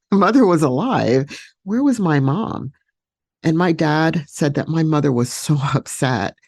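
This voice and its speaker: A woman hosting a podcast, telling a personal story solo in a reflective, unhurried way with many fillers and restarts. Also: sits low, a little mellow, dry recording, clean studio sound. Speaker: podcast host.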